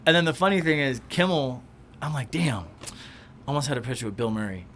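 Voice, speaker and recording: A man spins a casual anecdote at a brisk pace, acting out the people in it. His voice sits at an ordinary pitch, and a faint noise runs under the recording. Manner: animated anecdote-telling, acts out quotes. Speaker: podcast guest, actor. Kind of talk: casual storytelling.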